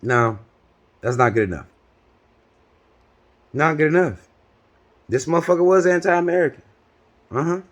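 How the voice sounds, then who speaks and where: A man's voice: a little high, measured pace, long pauses. A man in his thirties telling a story as a rambling, profane rant, blunt and full of swearing and restarts. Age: 30s. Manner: heavy swearing. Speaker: vlogger.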